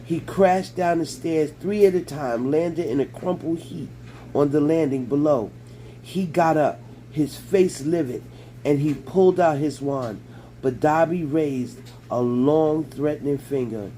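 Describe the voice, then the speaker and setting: A man reading a children's fantasy novel aloud in a measured storytelling manner. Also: on the high side, dark tone, a little hiss or hum, low-quality recording. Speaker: audiobook reader.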